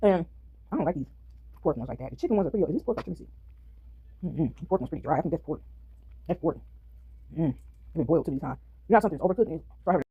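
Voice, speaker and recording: A woman's voice: deep voice, lively intonation, quick pace, pauses often, slightly rough, no room sound, narrow, tinny audio. A woman vlogging casually while eating, chatting with her viewers and breaking into bits of song. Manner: chatty, addresses viewers as y'all, sings snippets. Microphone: phone.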